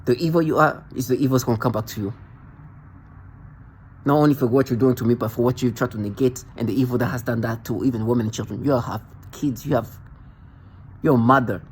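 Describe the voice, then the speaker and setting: Over a faint background hum, a male vlogger with a mid-range voice delivers a quick-paced, angry rant full of accusations. Confrontational the whole way through, he keeps repeating the same points.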